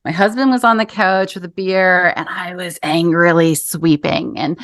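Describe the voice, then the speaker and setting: A woman's voice: fairly low pitch, steady tone, moderate pace, a bit bright, dry recording, studio quality. A woman in her thirties hosting an interview, telling a personal story in an earnest, conversational way. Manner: earnest storytelling, acts out quoted voices. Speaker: podcast host.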